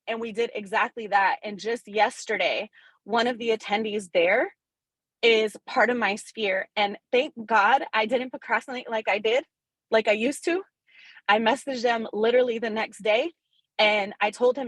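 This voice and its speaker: A woman real estate agent sharing her wins on a coaching call, candid, excited and quick to swear. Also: fairly high pitch, no room sound, low-quality recording. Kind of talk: casual testimonial in a coaching call.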